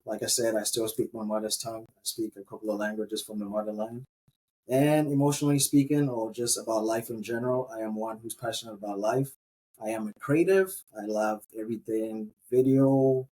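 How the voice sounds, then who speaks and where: A man from Ghana, a podcast guest describing himself in an earnest, measured way. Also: on the low side, dark tone, breathy edge, poor audio. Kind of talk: casual interview talk.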